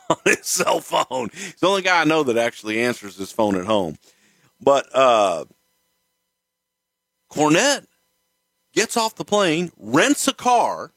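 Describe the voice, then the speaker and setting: A man's voice: mid-range voice, dry recording. A man telling stories casually, with lots of swearing. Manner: profane, animated storytelling. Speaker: guest storyteller. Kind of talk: casual storytelling.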